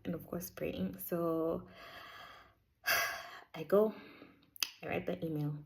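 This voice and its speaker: A woman, casually telling a faith story in a chatty, animated way. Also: fairly low pitch, slow pace, creaky. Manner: chatty, animated, sprinkles in Swahili words. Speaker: vlogger sharing a faith testimony.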